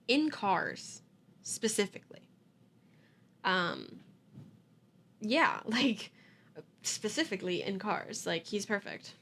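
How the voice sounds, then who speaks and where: A woman's voice: mid-range voice, a bit bright. Young woman rambling on her podcast, laughs at herself a lot, keeps saying sorry, takes her time. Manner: giggly, self-deprecating, apologetic. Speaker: podcast host. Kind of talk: casual confessional monologue.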